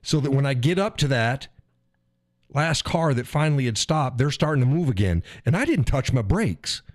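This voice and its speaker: At a normal pace and medium pitch, a live stream host launches into a casual political rant, heavy on swearing, as he animatedly impersonates frustrated drivers. The studio-quality audio has no room sound.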